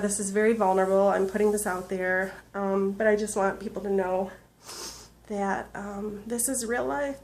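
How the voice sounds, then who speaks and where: Tearful woman vlogger, earnest and halting. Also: medium pitch, gravelly. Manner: earnest, halting, rambling with many fillers. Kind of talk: emotional personal video diary.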